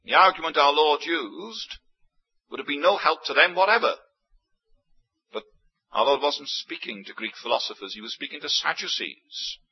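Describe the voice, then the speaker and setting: Husky-voiced male preacher, emphatic delivery. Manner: emphatic, sweeping swings of pitch and loudness. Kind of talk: sermon. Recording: dull lo-fi sermon recording.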